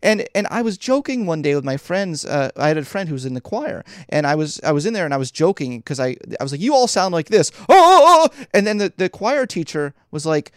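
A man from the Philadelphia area telling stories as a podcast guest, laughing often and jumping up in pitch when he quotes people. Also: expressive, quick pace, hardly any pauses, no echo, clean studio sound. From Philadelphia area, United States. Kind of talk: animated storytelling in a podcast interview.

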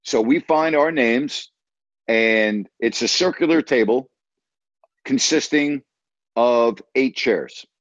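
A man from New York, a TV sports announcer, telling an animated story in casual conversation and acting out the quotes. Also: medium pitch, slow pace, no echo, highs cut off. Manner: animated anecdote teller, acts out quotes.

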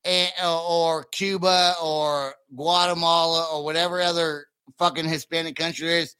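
A man hosting a podcast, chatting casually with excitable, profane rambling and lots of fillers. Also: on the high side, normal speed, smooth, dry recording. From United States. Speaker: podcast host.

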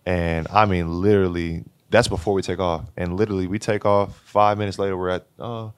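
A young man in his twenties, a college basketball player, casually telling an animated story as a guest, laughing and acting out what people said. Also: sits low, a little fast, smooth, no room sound. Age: 20s.

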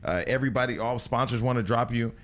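A man's voice: medium pitch, quick pace, a bit bright. A man hosting a podcast, joking and provocative, swearing casually while asking pointed questions. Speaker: podcast host.

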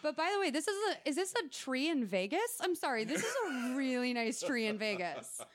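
A woman's voice: sits high, big pitch swings, a little fast, a loud crowd. A woman hosting a podcast, chatting casually and sarcastically, with lots of "like" in her speech. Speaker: podcast host. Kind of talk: casual chat recapping a true-crime film.

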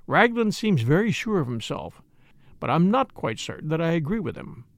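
A bluff, hearty middle-aged chief constable in an audiobook, confiding in low, clubby tones, as a man reading the book puts him on. The voice has a gravelly edge, and the recording is dry and close. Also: very animated, moderate pace, no room sound.

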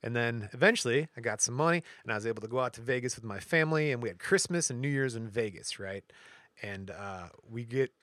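A man of medium pitch talks at a quick pace as a podcast co-host, telling a long anecdote casually and animatedly, voicing the quotes of the people in it. There's no room sound.

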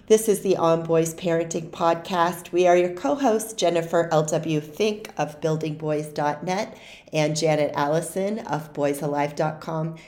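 A woman's voice: deep voice, a little slow, a little mellow. A woman co-hosting a parenting podcast, closing the interview and reading sponsor messages. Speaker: podcast co-host.

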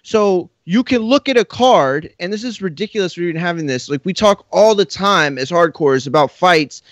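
A man's voice: sits high, lively intonation, moderate pace, fairly bright tone, no echo. Dismissive man arguing in a dry room. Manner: dismissive, sarcastic, interrupts. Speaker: fighter. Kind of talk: heated argument.

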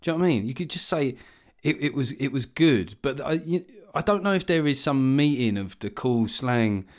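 A man's voice: medium pitch, expressive, normal speed. A man in his forties, a comedian guest in casual podcast chat, wry and ranting about slang. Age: 40s. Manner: wry, ranting, mimics others in quoted voices.

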